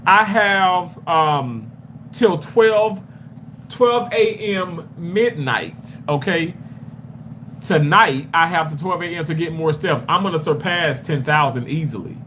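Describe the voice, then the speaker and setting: A man's voice: fairly high pitch, slow pace, sharp tone. A man live-streaming while he walks, out of breath and rambling as he answers viewer comments one by one. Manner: rambling, talks back to commenters. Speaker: livestreamer. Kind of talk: casual live chat reading viewer comments. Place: walking outdoors near a road. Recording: street noise with passing traffic.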